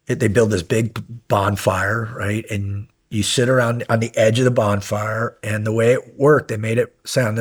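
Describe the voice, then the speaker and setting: A man in his fifties tells stories as a podcast guest, his voice low and husky. He moves between animated storytelling and quiet, intense moments, in the loose manner of a casual interview. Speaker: podcast guest, former Navy SEAL.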